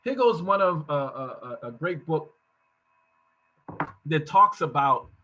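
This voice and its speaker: Middle-aged man, high and bright voice, storytelling presenter, dull lo-fi call audio. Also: animated, slow, slight background noise. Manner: storytelling, acts out quoted voices. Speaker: workshop presenter. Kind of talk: casual talk on online workshop.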